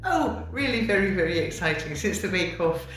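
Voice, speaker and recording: A woman's voice: lowish voice, lively intonation, brisk, faint music behind. An older woman, a retired midwife, eagerly telling her story as an interview guest and laughing often. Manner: gushing, warm-hearted, laughs often. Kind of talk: enthusiastic conversational storytelling. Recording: very echoey room.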